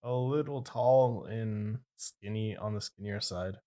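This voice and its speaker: Laid-back low-voiced man at play. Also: slow, dark tone. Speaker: tabletop game player. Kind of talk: casual chat.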